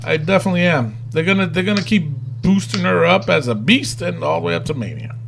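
A man's voice: high voice, fast, gravelly, a bit bright, slight background noise. A man with a New York accent co-hosting a podcast, emphatic and laughing often in casual chat. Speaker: podcast co-host.

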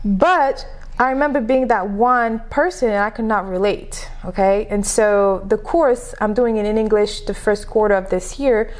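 A woman's voice: mid-range voice, moderate pace. A woman with a French accent, a podcast guest talking in a casual, emphatic way and often checking in with "okay?". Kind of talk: casual interview chat.

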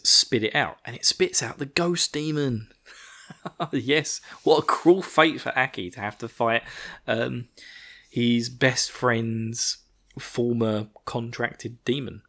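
A man's voice: mid-range voice, slow pace, a bit bright. A man co-hosting a podcast, recapping an episode in a casual, rambling way and chuckling often. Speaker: podcast co-host. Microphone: podcast microphone.

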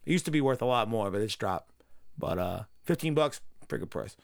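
A man's voice: medium pitch, animated, a little fast, creaky, no room sound, clean studio sound. A man co-hosting a casual podcast, rambling and teasing with lots of swearing. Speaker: podcast co-host. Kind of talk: casual chat. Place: home in Rhode Island.

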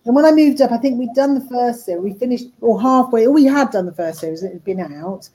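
A woman's voice: on the high side, animated, fast talker, dark tone, rough recording. A woman talking casually about her work in animation and voice acting, rambling with restarts. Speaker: animator and voice actor. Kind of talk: casual interview talk.

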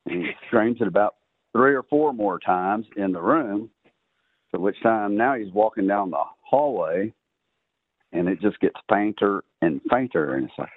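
A man's voice: lowish voice, animated, unhurried, no room sound. A man with a Texan accent telling a long poker story as a podcast guest, rambling with many uhs and ums. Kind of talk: casual storytelling. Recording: dry, tinny phone-line sound.

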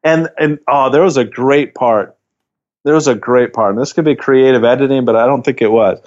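Male podcast co-host, mid-pitched, slightly dull audio, halting and filler-heavy delivery. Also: darkish tone. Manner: halting, with many restarts and fillers like "like". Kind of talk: casual chat recapping a TV show.

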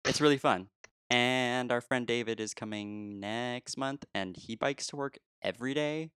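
On a podcast, a male co-host chats casually and rambles, laughing frequently. His mid-range voice is a bit bright and clean, at a measured pace, in a dry, clean studio recording.

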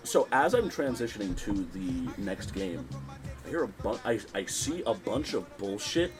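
A man's voice: fairly low pitch, sing-song, moderate pace, over music, rough recording. A man hosting a podcast, telling a story with lots of swearing and laughter. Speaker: podcast host. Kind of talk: casual chat.

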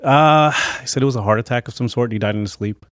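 A man as a guest on a casual podcast, answering in a relaxed, laid-back way. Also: mid-range voice, fast, no echo, clean studio sound. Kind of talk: casual chat. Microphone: studio mic.

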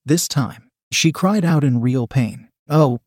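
A man narrates a first-person adult story at a steady, measured pace. His voice sits in a middle pitch. It is recorded close and dry, with no room echo. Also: slightly rough.

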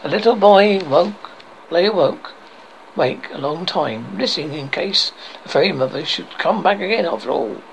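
A man, a horror host, reading a fairy tale aloud with expressive delivery, stumbling and correcting words. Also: high-pitched, moderate pace, vocal fry, a little hiss or hum, low-quality recording. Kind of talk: storybook reading.

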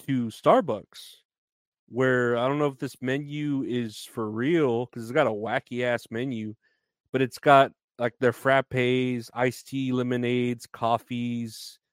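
Rambling laid-back man with smooth voice. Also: mid-range voice, fairly even intonation, slow pace, dry recording. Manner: rambling, loose, laughs often, lots of fillers. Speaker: podcast host. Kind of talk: casual solo podcast talk.

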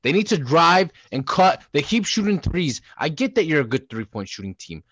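A young man co-hosts a heated sports debate, cursing and ranting with his voice leaping up and down. His pitch sits a little high. The close mic sounds dry, with no room around it. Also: moderate pace, hardly any pauses, slightly rough, no room sound. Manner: profane, animated ranting. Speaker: podcast co-host.

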